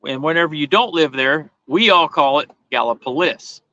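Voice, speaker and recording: Laid-back bright-voiced man, muffled. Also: fairly high pitch, moderate pace, no echo. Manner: laid-back, explains things plainly. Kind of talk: casual chat on a fishing livestream.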